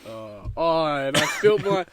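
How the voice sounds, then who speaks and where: A man co-hosting a casual podcast outdoors, jumping in with jokey, excitable remarks. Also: a little high, a little slow, a loud crowd. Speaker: podcast co-host. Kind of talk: casual chat. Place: outdoors in the bush.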